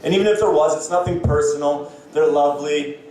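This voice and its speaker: A Canadian man in his thirties doing a stand-up set on stage, self-deprecating and halting, with many fillers. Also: a little high, a little mellow, very echoey, distant mic, slight background noise. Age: 30s. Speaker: stand-up comedian. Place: comedy club stage. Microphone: handheld stage mic.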